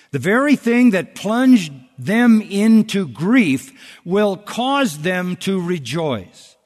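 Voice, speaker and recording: A man's voice: fairly high pitch, in a large hall. A man preaching a sermon in an earnest expository manner, stressing points with repetition. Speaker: pastor.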